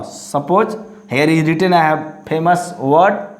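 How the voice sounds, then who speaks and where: A man teaching a lesson, halting and full of fillers and restarts. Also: on the high side. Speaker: English teacher. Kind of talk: classroom-style lesson. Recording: echoey room.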